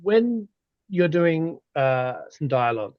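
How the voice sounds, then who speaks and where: A man's voice: a little high, big pitch swings, slow, no room sound, highs cut off. A man hosting an interview, asking questions in a hesitant way and stumbling over his words. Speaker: interviewer, host.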